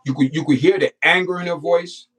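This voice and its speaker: Man, livestream commentary, preachy, repetitive, fairly high voice, distant mic. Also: fairly quick, a bit bright, breathy edge. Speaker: livestream host.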